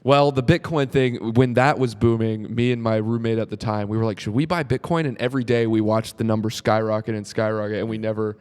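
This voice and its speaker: A man's voice: lowish voice, little pitch movement, fairly quick, few pauses, a little mellow, clean tone, in a large hall. A young man guesting on a comedy podcast, chatting casually with lots of filler words and jokey asides. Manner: chatty, full of likes, puts on voices when quoting himself. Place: podcast room at a comedy club.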